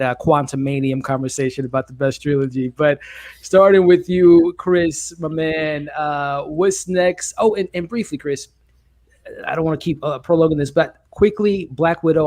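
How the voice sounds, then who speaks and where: A man's voice: a little high, a little mellow. Upbeat man hosting a live panel. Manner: enthusiastic, hands off to guests. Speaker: host of a live stream panel. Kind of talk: casual live stream discussion.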